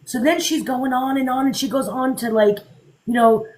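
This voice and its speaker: A woman host tells a personal story casually, with a high voice. She is animated and acts out the dialogue as she goes. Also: normal speed, low-quality recording.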